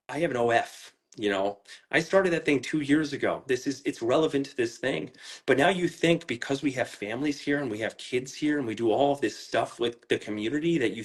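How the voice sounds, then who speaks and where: Upset New man, voice near tears. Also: mid-range voice. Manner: upset, repeats words, restarts sentences, swears. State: close to tears. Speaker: pet owner interviewed about a raid. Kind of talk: emotional on-camera interview.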